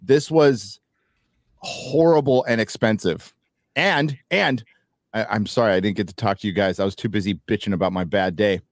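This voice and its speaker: A man's voice: deep voice, dry recording, clean studio sound. A man hosting a casual online panel show, rambling and swearing as he vents. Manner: rambling, profane, animated. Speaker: podcast host.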